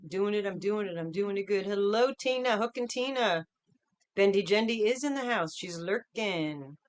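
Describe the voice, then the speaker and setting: A woman's voice: medium pitch, animated, moderate pace, clean tone. Chatty woman greeting livestream viewers. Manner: chatty, upbeat, greeting names one after another. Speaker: livestream host.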